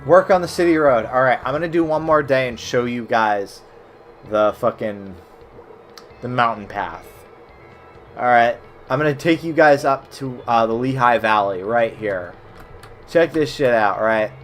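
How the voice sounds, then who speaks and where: A young man streaming old web games, chatting casually with viewers, cursing a lot and breaking into sudden loud outbursts. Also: medium pitch, unhurried, faint music behind. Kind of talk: casual gameplay commentary.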